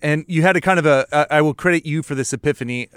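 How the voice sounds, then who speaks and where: A man's voice: a little high, quick pace, clean tone, no echo. A man hosting a podcast, bantering in a dry, sarcastic way as he introduces his guests. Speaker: podcast host. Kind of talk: casual podcast chat.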